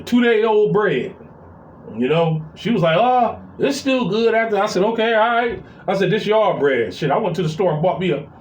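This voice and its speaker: Brief: middle-aged man, high voice, profane rambling rant, roomy echoey room. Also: a little mellow. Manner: profane, rambling, full of fillers and repeats. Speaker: vlogger venting about family. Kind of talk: casual storytelling rant. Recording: roomy echo.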